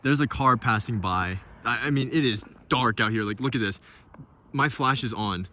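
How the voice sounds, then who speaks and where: A man's voice: mid-range voice, moderate pace, rough recording. A young man narrating a casual travel vlog to the camera in a chatty, upbeat way. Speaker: vlogger. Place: outdoors, windy desert trails and lookouts. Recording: loud wind noise on camera mic.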